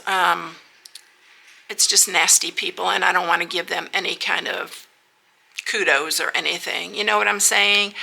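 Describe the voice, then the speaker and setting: A middle-aged woman chats through a craft vlog in a bright, forceful voice with a gravelly rasp. She is talkative and openly emotional, calling her viewers y'all. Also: medium pitch. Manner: chatty, emotional, says y'all often. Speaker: paper craft channel host. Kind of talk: casual craft vlog chat.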